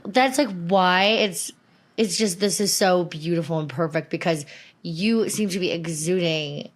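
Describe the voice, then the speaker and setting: A woman co-hosting a casual chat podcast, excitable and gushing, swearing casually. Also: lowish voice, unhurried. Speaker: podcast co-host.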